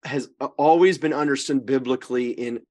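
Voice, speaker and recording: This priest's voice is medium-pitched, a little mellow, and fairly quick as he leads a casual Bible study. Teaching scripture informally, he speaks with emphasis, keeps asking in with listeners, and regularly backtracks or corrects himself mid-sentence.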